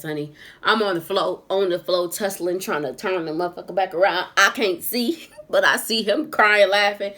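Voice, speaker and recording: A woman telling a casual storytime vlog story as she does her makeup at home. She is animated and laughs often. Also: on the low side, normal speed. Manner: animated, laughs often, says "y'all" a lot. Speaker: vlogger. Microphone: camera on a tripod.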